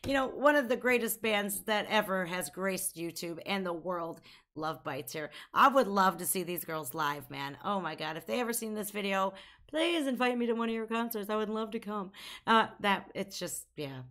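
A woman's voice: mid-range voice, animated, moderate pace, fairly bright tone. A woman hosting a music reaction video, gushing and exclamatory, fangirling over a band. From United States. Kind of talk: excited music reaction chat.

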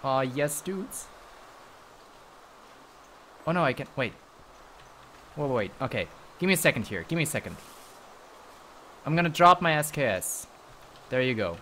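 A man streaming a game live, commenting excitedly, swearing often and talking to his chat. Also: medium pitch, normal speed, long pauses, a little hiss or hum. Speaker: livestreamer.

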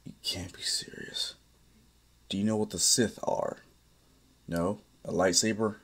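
A cold, calculating Sith warrior, as a man puts him on in a fan story. He talks low and slow, often dropping to a menacing half-whisper. The voice sits deep and takes its time. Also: fairly even intonation, fairly bright tone, slightly rough, full character voice. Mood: incredulous.

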